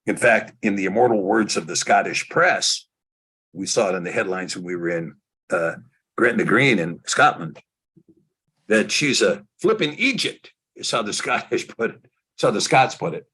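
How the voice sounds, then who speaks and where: Guy hosting an online talk show, lowish husky voice, chatty opinionated rambling commentary. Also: pushed and bright. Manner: discursive, opinionated, building his points slowly. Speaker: host.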